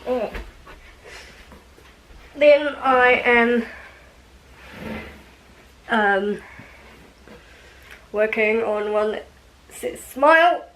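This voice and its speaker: A woman's voice: a little high, extremely slow, pauses often, a bit bright, a little hiss or hum, rough recording. A young woman chatting casually to her vlog audience, rambling with frequent ums and light laughs. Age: young adult. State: out of breath. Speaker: vlogger.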